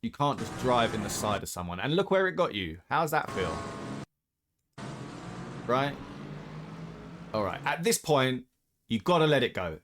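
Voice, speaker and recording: A man's voice: medium pitch, very animated, unhurried, long pauses, noisy background. A man giving blunt, opinionated casual commentary as he reacts to racing clips, often ranting.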